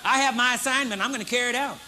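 Male preacher, emphatic and funny, very high and piercingly bright, to a church congregation. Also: racing, a little hiss or hum. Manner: emphatic, humorous storytelling, acts out a demonstration. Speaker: pastor. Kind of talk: sermon. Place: church stage before a congregation.

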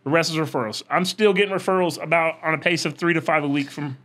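A man's voice: a little high, quick pace, fairly bright tone. A man from Florida, a roofing salesman guest, telling blunt, brash stories in casual slangy chat.

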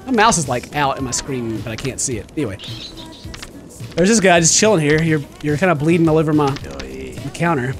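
Loud, jokey gaming host man. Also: fairly high pitch, a little fast, gravelly. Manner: shouts at game characters, jokey and animated. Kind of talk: comedic gameplay commentary. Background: game music.

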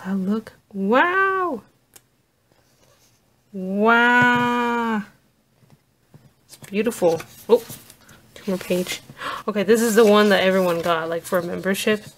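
A woman vlogger narrating an unboxing, gushing with awed exclamations and soft asides. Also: medium pitch.

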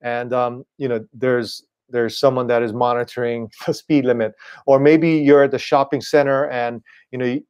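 A man preaching an online sermon in a relaxed, conversational way, often checking in with "right?". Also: mid-range voice, normal speed, clear, resonant tone. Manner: casual, repeats "right?" and "you know". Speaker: pastor.

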